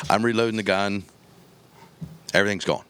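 A man's voice: on the low side, lively intonation, slow pace, fairly bright tone, slight background noise. A man on a podcast telling a long story in casual chat, acting out the quotes and the gunshots as he goes.

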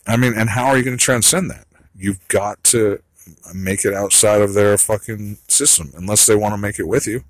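A man's voice: lowish voice, normal speed, no echo, poor audio. A man delivering a rambling solo monologue, blunt and profane, trailing off into asides.

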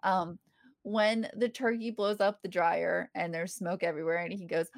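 A woman's voice: lowish voice, steady tone, normal speed, vocal fry, no echo. A woman co-hosting a casual podcast chat, animatedly quoting lines and laughing as she goes. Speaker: podcast co-host. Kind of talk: casual chat reviewing a sitcom episode.

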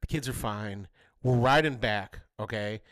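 Animated man telling a family story. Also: measured pace, no echo. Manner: animated, jumps to high voices when quoting his kids. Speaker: podcast co-host. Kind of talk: casual storytelling chat.

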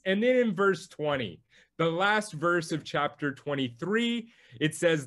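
A male pastor preaching a sermon, teaching through a Bible passage with slow, emphatic delivery. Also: on the high side, animated, a bit bright.

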